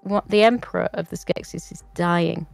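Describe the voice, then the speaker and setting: A woman chatting on a movie podcast with a gravelly, fry-laden voice, rough from being sick. She talks loosely, swears freely and laughs a lot, recorded dry and close with faint music underneath. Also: fairly low pitch, steady tone, moderate pace, no room sound. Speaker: podcast co-host. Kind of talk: casual movie podcast chat.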